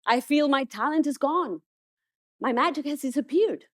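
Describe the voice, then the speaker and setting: A woman's voice: sits high, lively intonation, moderate pace, voice pushed up. A woman speaker voicing a discouraged male athlete who doubts himself. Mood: anxious. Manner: anxious, self-doubting.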